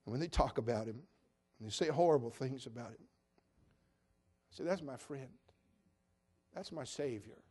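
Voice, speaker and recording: A man's voice: medium pitch, normal speed, pauses often, a little mellow, breathy edge. A man preaching a sermon as pastor, telling folksy stories in an earnest, plain-spoken way. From Cherokee. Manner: folksy, earnest, acts out quoted voices. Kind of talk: sermon with storytelling.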